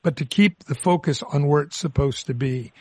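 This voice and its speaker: A man's voice: a little high, moderate pace, darkish tone, slightly rough, no room sound. A man hosting a Christian radio call-in show, greeting callers in a folksy way and calling them dear.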